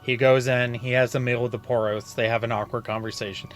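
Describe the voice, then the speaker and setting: A man's voice: medium pitch, little pitch movement, brisk, soft background music. A man co-hosting a casual book club podcast, hesitant and repeating words as he talks. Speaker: podcast co-host.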